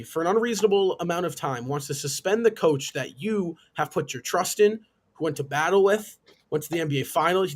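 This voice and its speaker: Husky, high-voiced man ranting about sports. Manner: emphatic, indignant, rhetorical questions. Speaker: sports talk panelist. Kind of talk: heated sports opinion rant. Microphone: live stream call.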